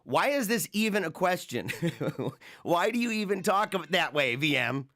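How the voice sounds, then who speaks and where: A man's voice: sits high, very animated, normal speed, pushed and bright. A man hosting a livestream show, chatting casually, rambling, mocking and laughing often as he reads viewer comments. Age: adult, married with young children.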